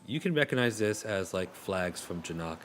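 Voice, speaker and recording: A man narrating as game master in a tabletop game, hesitant and full of pauses and restarts. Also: sits low, lively intonation, faint music behind. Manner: hesitant, many fillers and restarts.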